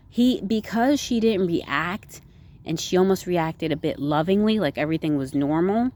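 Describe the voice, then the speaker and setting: Woman, low register, casual rambling movie-recap vlogger, heavy use of fillers and "right?" tags. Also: darkish tone. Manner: rambling, full of "like", "you know" and "right?". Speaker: movie reviewer.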